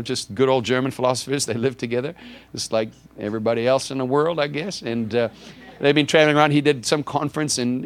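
A man, a pastor, telling a personal story in a sermon and acting out the conversations in it. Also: medium pitch. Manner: animated, acts out dialogue with God in raised voices.

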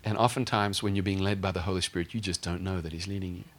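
A man preaching a sermon through a personal story, lively, acting out the dialogue in a raised voice. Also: sits low, quick pace. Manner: animated, acts out dialogue in a raised voice.

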